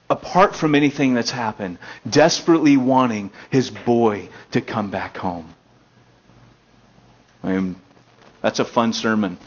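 A young American man preaching a casual storytelling sermon, animated, with loud excited bursts and quiet stretches. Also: medium pitch. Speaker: pastor. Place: elementary school meeting room. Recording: dull lo-fi sermon recording.

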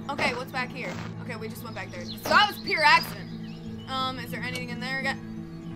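A woman giving casual, excitable gameplay commentary, easily spooked and talking back to the game. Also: high-pitched, fairly quick. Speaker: let's play gamer. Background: game music.

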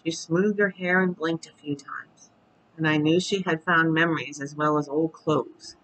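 A storyteller reading a chapter book aloud at bedtime in a calm, steady voice. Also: medium pitch, moderate pace, low-quality recording.

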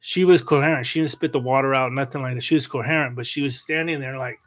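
A man's voice: mid-range voice, fast. A man telling stories as a podcast co-host, emphatic and heavy on swearing. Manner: profane, emphatic, says dude a lot. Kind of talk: casual storytelling chat.

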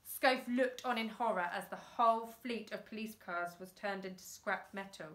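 A woman teacher reading a children's book aloud, lively and acting out the characters. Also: normal speed. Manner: lively, voices characters with big pitch jumps. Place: classroom or home, self-filmed. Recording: echoey room.

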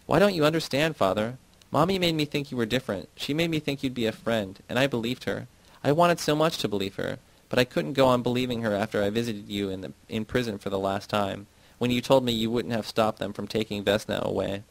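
A man's voice: mid-range voice, brisk, vocal fry, dry recording, lightly acted, rough recording. A man voicing an upset young daughter in a read-aloud novel, pleading in a raised voice.

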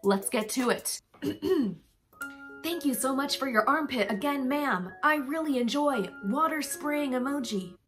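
A young woman reading comments aloud for comedy in a smooth, polite voice-assistant impression. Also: sits high, animated, measured pace, fairly bright tone, faint music behind. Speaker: YouTube comedian.

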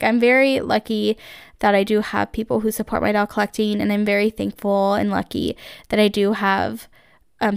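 Hosting a casual solo podcast, a young woman gushes and chats with lots of "like" and "um." Her medium-pitched voice is creaky yet clear and resonant. The studio-quality recording has no echo.

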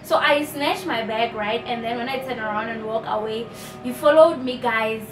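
A young woman with a South African accent recounts a story for her vlog in an animated, chatty way. Her voice sits high. She is a little distant from the mic in an echoey room, with faint background noise. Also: normal speed, over music. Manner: animated storytelling, often addresses viewers as "guys". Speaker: vlogger.

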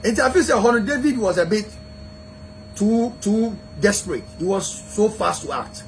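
Animated high-voiced Ghanaian man chatting. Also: moderate pace, a little hiss or hum, rough recording. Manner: animated, switching between Twi and English. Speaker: celebrity guest. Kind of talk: casual chat.

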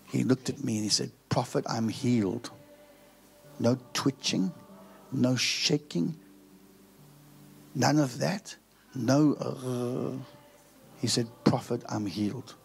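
A middle-aged man preaching a sermon, telling a story with lively acted-out dialogue. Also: medium pitch, a little slow, gravelly, pauses often. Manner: animated storytelling, acts out quoted dialogue. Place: large auditorium.

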